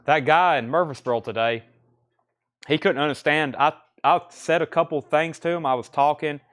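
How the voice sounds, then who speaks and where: A man with a Southern accent hosting a live-streamed record sale, briskly reading out titles and prices with joking asides. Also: on the high side, a bit bright. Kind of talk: live-stream auction calling.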